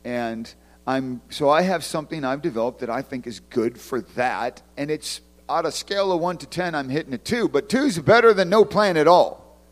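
An animated man gives a conversational sermon talk, telling stories and bursting into loud outbursts. His voice sits fairly high for a man. The sound rings with the long reverb of a large hall. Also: normal speed. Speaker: ministry leader.

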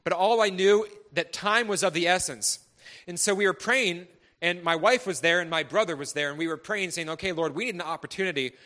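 A man preaching a personal testimony to a congregation, earnest and impassioned, swinging between loud, fervent stretches and hushed ones. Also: high-pitched, normal speed.

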